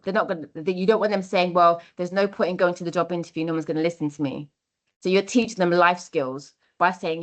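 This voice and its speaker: A young adult woman giving a workshop talk, earnest and encouraging, repeating her key phrases. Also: fairly low pitch. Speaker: workshop speaker on mentoring.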